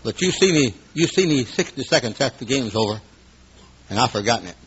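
A man in his fifties preaching a sermon, dramatic, swinging between hushed asides and loud exclamations. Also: medium pitch, lively intonation, fast, a little hiss or hum. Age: 50s. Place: room at an evening gathering. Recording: dull lo-fi recording.

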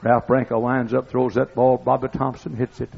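An older man preaching a sermon, telling folksy stories that build up to excited shouting. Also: medium pitch, normal speed, vocal fry, breathy edge. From East Texas. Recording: dull lo-fi recording.

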